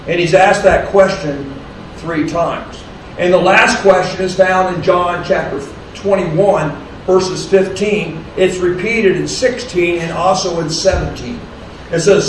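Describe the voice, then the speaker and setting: Slow high-voiced male preacher, echoey hall. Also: a little hiss or hum. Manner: slow, deliberate scripture reading and preaching. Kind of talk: sermon. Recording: distant, very echoey room with faint ambience.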